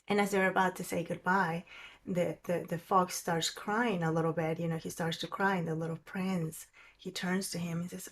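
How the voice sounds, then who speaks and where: Soft-spoken woman leading a meditation class. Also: on the low side, steady tone, moderate pace, slight background noise. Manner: soft, musing, drops often to a near whisper. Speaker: meditation teacher. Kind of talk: reflective class talk.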